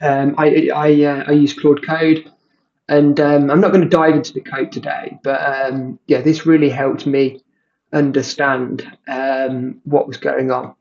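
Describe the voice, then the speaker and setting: Halting man demoing tech. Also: medium pitch, flat delivery, vocal fry, a little mellow, dull audio. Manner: halting, full of ums and restarts. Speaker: tech creator. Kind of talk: casual screen-share walkthrough.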